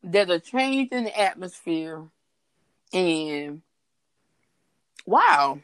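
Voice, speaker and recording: A woman's voice: fairly low pitch, expressive, drawn-out words, clean tone, no echo, studio quality. A woman co-hosting a faith talk broadcast, chatty and laughing often as she talks. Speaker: podcast co-host. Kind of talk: casual faith talk chat.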